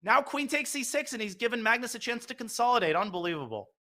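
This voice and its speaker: A man commentating live chess, excitedly calling out moves and lines in quick bursts. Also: very high voice. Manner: excitable, calls moves rapid-fire.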